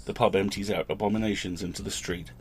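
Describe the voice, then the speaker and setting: A man's voice: fairly low pitch, fairly even intonation, fast talker. A man hosting a fiction podcast, reflecting on the story in a thoughtful, literary way. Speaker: podcast host.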